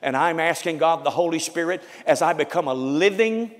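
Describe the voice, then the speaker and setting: Raspy, loud preaching pastor in a hall. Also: male voice, on the high side, animated, moderate pace, few pauses. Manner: dramatic swings from shouting to hushed prayer. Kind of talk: sermon. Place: church sanctuary.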